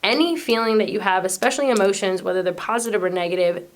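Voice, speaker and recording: A woman's voice: medium pitch, fast talker. A woman hosting her own channel, explaining a spiritual idea in a casual, earnest way that wanders, with frequent fillers and restarts. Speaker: channel host.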